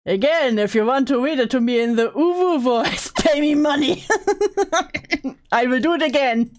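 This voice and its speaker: A woman's voice: high-pitched, unhurried, darkish tone. A woman hosting drama commentary, reacting sarcastically and swearing bluntly. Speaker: commentary channel host.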